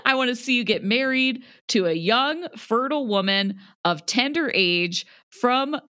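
Insistent, coaxing mom type, pitched up and bright, played by a woman in a dry room. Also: animated, measured pace, no echo. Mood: pushy. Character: pushy middle-aged mother matchmaking her son.

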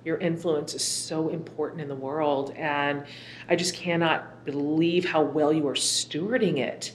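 Woman podcast host, slightly low voice, effusive, chatty interview delivery. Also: steady tone, a little slow, a little hiss or hum. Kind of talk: warm conversational interview and read ad.

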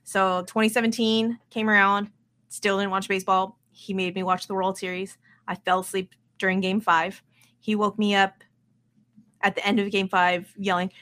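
A bright-toned woman in her thirties, a guest on a casual podcast. She tells her stories in an animated, self-mocking way, putting on quick voices for the people in them. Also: medium pitch. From Las Vegas, US. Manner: self-deprecating, animated storyteller. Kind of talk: casual storytelling.

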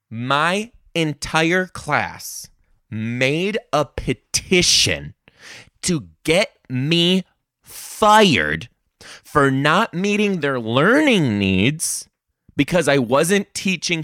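A young man telling classroom stories as a comedic monologue, sassy and animated, bursting into high-pitched rants. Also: no echo, clean studio sound.

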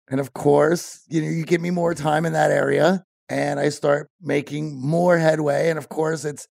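A man with a heavily gravelly, husky voice spins a tale for a podcast interview, slightly higher-pitched than most men. He tells it with animated energy and laughs along the way. The studio sound is dry and close. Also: moderate pace, dry recording. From Pennsylvania, USA. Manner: animated storyteller, laughs often. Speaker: podcast co-host, guest. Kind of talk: storytelling interview.

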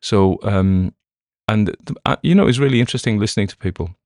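Low-voiced man chatting casually. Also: quick pace, darkish tone, dry recording, studio quality. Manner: rambling, self-correcting, chatty. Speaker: podcast host. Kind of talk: casual chat.

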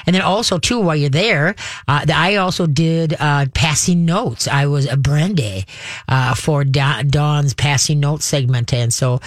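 A woman's voice: low-pitched, a little slow, no room sound, studio quality. A middle-aged woman hosting a call-in radio show, talking in a folksy, chatty way with plenty of fillers. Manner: folksy and chatty, with lots of fillers and homey sound effects. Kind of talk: casual call-in radio talk.

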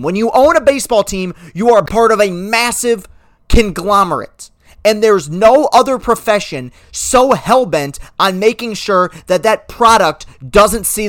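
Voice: mid-range voice, fairly bright tone, dry recording, clean studio sound. A sports podcast host talking alone, moving from self-deprecating asides into impassioned, indignant ranting about baseball news. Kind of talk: solo sports podcast rant.

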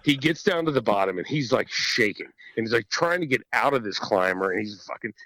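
A man telling a hunting story in a casual podcast chat, animated and swearing freely, often laughing. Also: medium pitch, fairly quick, no room sound, rough recording. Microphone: podcast microphone.

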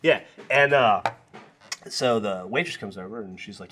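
A man on a podcast telling a profane story loudly, acting out what people said. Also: on the low side, fast talker, crowd noise. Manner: loud, profane storyteller who acts out quotes. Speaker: podcast host. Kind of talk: casual chat.

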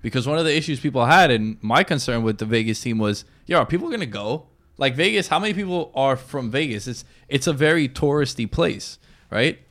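A man co-hosting a laid-back sports chat, animated and slangy. His voice sits at an ordinary middle pitch for a man. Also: brisk. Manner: animated, says "yo" a lot. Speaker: podcast co-host.

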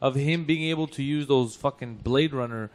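A man telling a funny story in a casual podcast chat, animated, laughing and swearing freely. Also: mid-range voice, normal speed.

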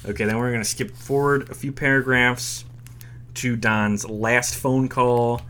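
A man's voice: medium pitch, steady tone, a little slow, a bit bright. A man hosting a music history podcast, reading a script in an enthusiastic, opinionated way. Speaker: podcast host.

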